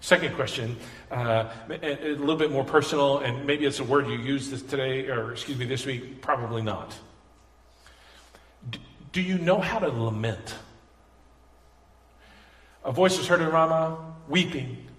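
A man's voice: mid-range voice, a little slow, long pauses, fairly bright tone. A man preaching a sermon as pastor, conversational and earnest, building to emphatic passion. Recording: echoey hall reverb.

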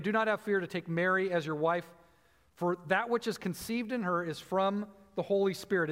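A man with a fairly high voice delivers a teaching sermon in a church hall. He explains scripture and slows right down to stress the phrases that matter. His voice trails off into a long hall reverb. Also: fairly bright tone. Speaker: preacher.

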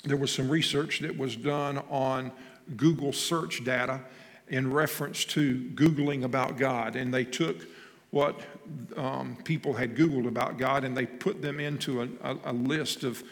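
A man preaching a sermon, swinging from loud emphasis to hushed tones and asking the congregation questions, recorded in a church sanctuary. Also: mid-range voice, fairly even intonation, unhurried, gravelly. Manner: asks the congregation questions and has them repeat phrases. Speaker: pastor. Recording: long hall reverb.

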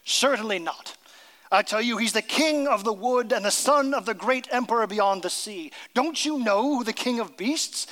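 A man's voice: very high-pitched, normal speed, fairly bright tone, in a large hall, pitched above the performer's own voice. A man reading aloud as a stern male talking beaver from a storybook, insistent and emphatic.

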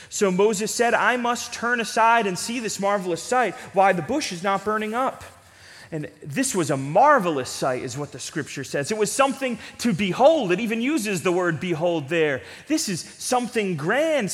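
A man's voice: high voice, a bit bright. A man preaching a sermon as pastor in a church, earnest and pleading, with repeated emphasis. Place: church sanctuary with a congregation. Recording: long reverb of a church hall.

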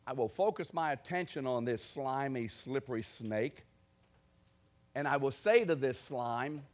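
A man preaching a sermon, asking his congregation direct questions and building to forceful declarations. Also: medium pitch, lively intonation, unhurried. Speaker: pastor.

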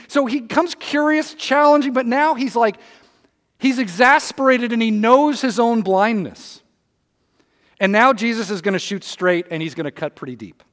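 Male pastor, sermon, high-pitched, animated scripture reading, casual asides, reverberant sanctuary. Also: moderate pace. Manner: animated, reads scripture aloud with emphasis, conversational asides. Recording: long reverb of a hall.

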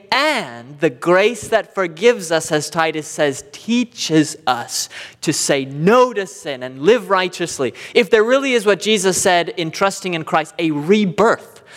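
A man preaching a sermon as pastor, earnest and emphatic, driving points home with repeated phrases. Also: sits high. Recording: long hall reverb.

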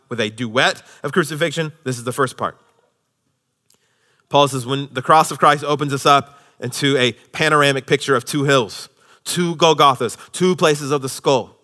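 A male pastor preaching a sermon, swinging from loud, emphatic lines to hushed, near-whispered ones. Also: mid-range voice.

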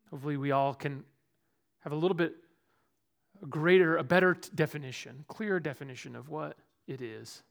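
A man preaching a sermon as pastor in a church, earnest, moving between loud emphasis and quiet, dropped asides. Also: on the high side, gravelly.

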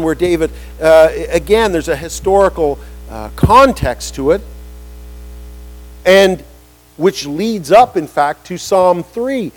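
In a roughly recorded sermon, a high-voiced man preaches with animation. He mimics the voices of those he quotes and lifts his pitch on key lines for emphasis.

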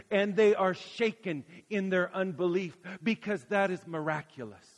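A man preaching a sermon, telling a childhood story with dramatic swings from hushed to loud. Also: high voice, moderate pace, few pauses, long reverb tail.

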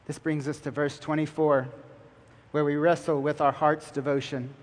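A man's voice: a little high, flat delivery, moderate pace, big-room sound. A man preaching a sermon as pastor, emphatic and building through repeated lines.

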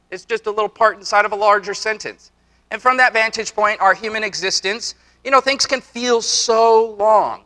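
A man's voice: high voice, bright, forceful tone. A man in his forties preaching a sermon to a church congregation, earnest, with repetitions and casual asides. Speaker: pastor.

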